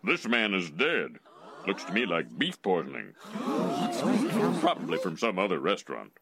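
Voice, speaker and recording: A grave cartoon doctor who states things in a flat, matter-of-fact way. The voice is very deep but still dips and rises. It comes from a clip with loud noise behind it. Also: male voice, normal speed. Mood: deadpan.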